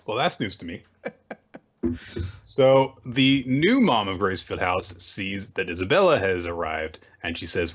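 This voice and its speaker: A man's voice: low-pitched, very animated, measured pace, fairly bright tone. A man casually recapping manga chapters as a podcast co-host, with dry joking asides. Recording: dull lo-fi audio.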